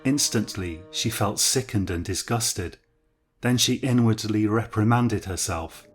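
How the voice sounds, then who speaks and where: A man narrating a horror story in a measured, grave, scripted way. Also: on the low side, soft background music.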